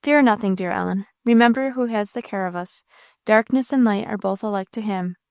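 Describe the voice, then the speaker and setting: A woman voicing a gentle, patient young woman who speaks softly and reassuringly, in an audiobook reading. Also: mid-range voice, fairly quick, gravelly, no echo, studio quality, lightly acted. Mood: tender, weary. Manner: soft, reassuring, earnest.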